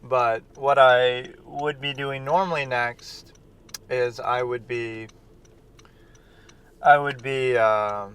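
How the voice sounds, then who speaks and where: A man's voice: medium pitch, fairly even intonation, slow pace, pauses often, fairly bright tone. A man in a casual reaction chat as a film critic, rambling and conversational, with lots of fillers and restarts. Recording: distant mic with street traffic noise.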